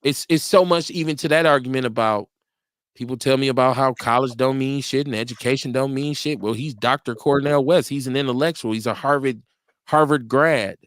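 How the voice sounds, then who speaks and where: A man hosting a casual political talk show, animated and profane, laughing often. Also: a little fast, no echo, clean studio sound. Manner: animated, laughs often, profane, jumps high in pitch for quoted voices. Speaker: livestream radio show host. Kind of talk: casual political talk reading chat comments.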